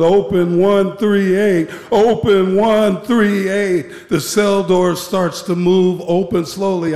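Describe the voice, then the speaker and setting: Former prison guard telling his story on stage, a man with a slightly high voice, slow and grave, pausing deliberately; echoey hall with a long reverb. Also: a little mellow. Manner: measured, grave, with deliberate pauses. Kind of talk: personal storytelling talk.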